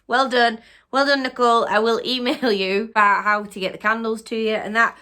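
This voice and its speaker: A woman's voice: a little high, fairly even intonation, fairly quick, bright, forceful tone, clean tone. A woman hosting her own channel, chatting upbeat to camera with frequent restarts as a small business owner. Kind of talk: casual chat to camera.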